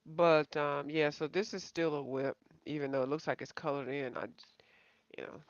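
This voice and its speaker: This woman hosts a coloring channel and chats casually with live-stream viewers, rambling, saying y'all and teasing herself. Her voice is deep and steady, at a normal speed. It's a dry home recording that sounds slightly dull.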